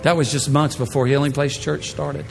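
A man pastor telling a personal story in a sermon, animated, swinging from hushed to loud. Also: a little high, normal speed, creaky. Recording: echoey hall with faint music.

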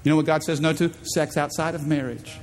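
A man preaching a sermon as pastor, animated and playful, acting out voices in the stories he tells. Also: fairly quick, in a large hall, a little hiss or hum. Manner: animated, acts out quoted voices in high pitch.

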